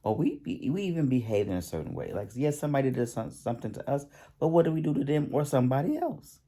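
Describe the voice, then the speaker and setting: A man giving a spiritual healing talk to the camera, halting and repeating himself, often pausing to excuse himself and yawn. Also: mid-range voice, very animated, dark tone. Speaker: self-help channel host.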